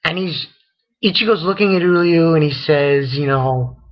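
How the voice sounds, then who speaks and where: A man's voice: on the high side, normal speed, lo-fi sound. A man hosting his own channel, rambling through a casual review rant and stringing events together with "and then". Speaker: manga reviewer, channel host.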